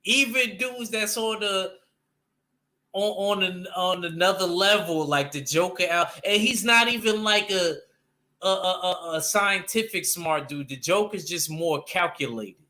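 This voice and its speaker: A man's voice: sits high, unhurried, pushed and bright. A man chatting casually and animatedly about comics, using loose slang and restarting his sentences often. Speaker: panel guest discussing comics. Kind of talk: casual chat.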